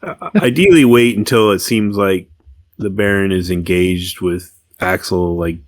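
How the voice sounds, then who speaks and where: A man's voice: sits low, measured pace, dry recording. A man playing in a tabletop game who reasons his choices aloud in casual chat.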